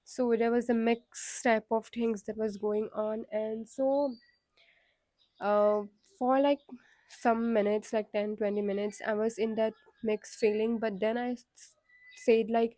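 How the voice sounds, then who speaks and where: Woman vlogger, reflective and candid, soft dark tone, dry room. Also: on the high side, steady tone, a little slow, dry recording. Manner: reflective, candid, frequent fillers. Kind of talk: casual personal vlog.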